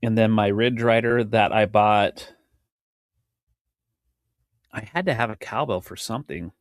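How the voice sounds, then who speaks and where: Speaking a little slowly in a lowish voice, this middle-aged podcast host and drum teacher rambles through a casual chat while hiccuping. He interrupts himself and laughs a lot, and the recording is dry and cleanly studio-made.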